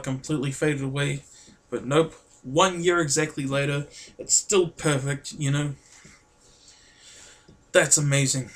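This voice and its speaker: A man chats to camera in a loose, rambling vlog. His voice sits a little high, and he keeps circling back with fillers and repeats, sounding eager throughout. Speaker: vlogger. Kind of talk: casual chat to camera.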